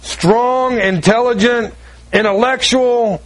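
Man, pastor, high-pitched voice, emphatic sermon, repetitive phrasing. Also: fairly even intonation, fairly bright tone. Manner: emphatic, repetitive preaching with quick asides.

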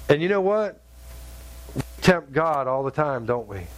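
A middle-aged man delivers a sermon in a slightly high voice. He tells stories with humor and acts them out with punchy sound effects like "pop" and "wham", mixing jokes with serious warnings. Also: sing-song, measured pace, a little hiss or hum. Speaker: pastor.

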